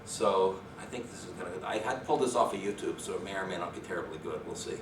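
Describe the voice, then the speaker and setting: A man's voice: deep voice, quick pace, noisy background. A man giving an academic talk on language and rhythm, thinking aloud with fillers and small self-corrections. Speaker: lecturer. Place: lecture room. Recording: echoey room from far off.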